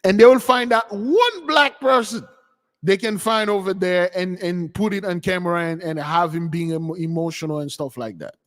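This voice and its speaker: A man preaching to his online followers, addressing them as beloved while he comments on news clips in an animated, heated way. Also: sits high, normal speed, in a large hall.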